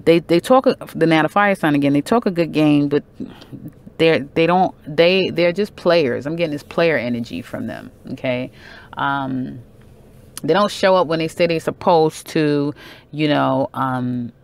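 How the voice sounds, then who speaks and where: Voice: medium pitch, clean tone. A tarot reader giving a casual monthly horoscope reading, chatty and emphatic, with many fillers, self-corrections and "okay?" check-ins to the viewer.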